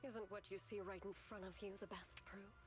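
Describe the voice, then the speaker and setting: A woman's voice: medium pitch, level tone, moderate pace, music in the background, lightly acted. A woman playing a smug, scornful zealot. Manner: scornful, preaching.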